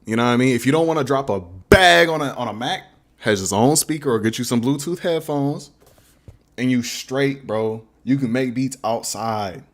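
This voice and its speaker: A man's voice: medium pitch, moderate pace. A young man who makes beats, chatting casually in a livestream Q&A, slangy and rambling. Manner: laid-back, slangy, rambling. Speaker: beatmaker streamer. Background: faint beat playing.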